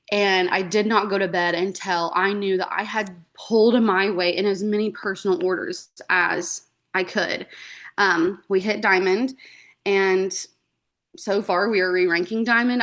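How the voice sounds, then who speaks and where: A woman speaking over a video call, telling her own story in a loose, chatty way. Her pitch sits in a middle range, and she fills her speech with "like" and "um." She slips into the voices of her past self when she quotes them. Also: fairly bright tone. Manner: chatty, frequent "like" and "um", acts out quoted dialogue. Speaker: guest speaker. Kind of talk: casual personal story on a team call.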